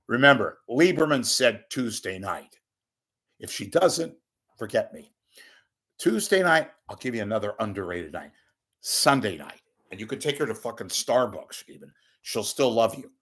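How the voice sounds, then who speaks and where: An older man ranting at home in a rambling, profane, wisecracking monologue, swinging between loud bursts and muttered asides. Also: medium pitch. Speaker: media commentator. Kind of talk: off-the-cuff monologue.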